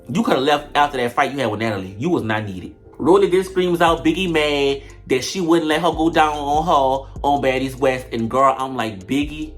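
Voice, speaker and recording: A woman giving blunt, slangy commentary on a reality show, swinging between loud outbursts and low mutters. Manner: animated, blunt, slangy trash talk. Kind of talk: casual reaction commentary.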